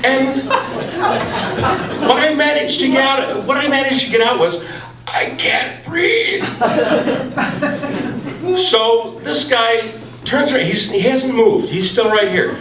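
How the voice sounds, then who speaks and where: A man telling a true personal story live and without a script, halting over his words with a wry tone. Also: extremely high pitch, distant mic, a crowd in the background. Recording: roomy live room from afar, faint ambience.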